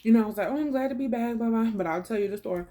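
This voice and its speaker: Talking rapid-fire in a fairly high voice, this vlogger shares stories to camera and eats between them. She keeps it casual and slangy, addressing viewers as y'all and baby.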